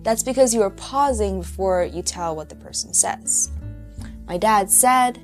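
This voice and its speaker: Slow woman teacher over soft guitar. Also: medium pitch, animated. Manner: slow, clear explaining. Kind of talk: recorded lesson narration. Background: faint guitar music.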